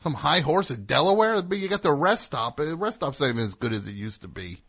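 This is a man hosting a call-in radio show, and he talks in a sardonic, rambling way. His pitch swings widely as he puts on mock outrage. He drifts casually between complaints and plugs. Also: big pitch swings, fairly quick, fairly bright tone, slightly rough.

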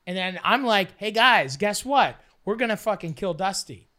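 Man, bright voice, swears a lot, animated storytelling. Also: sits high, normal speed. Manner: profane, animated storytelling with acted-out quotes. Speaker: storyteller guest. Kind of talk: casual storytelling while playing cards.

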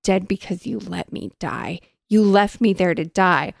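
A woman reading aloud and voicing a vengeful ghost bride in a hollow, quiet voice. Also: mid-range voice, unhurried, gravelly, dry recording, clean studio sound. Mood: accusing.

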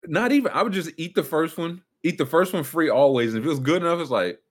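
A man co-hosting a casual chat, telling animated, slangy stories and acting out what other people said. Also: on the high side, fast talker, breathy edge. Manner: animated storyteller, slangy, acts out quotes in voices.

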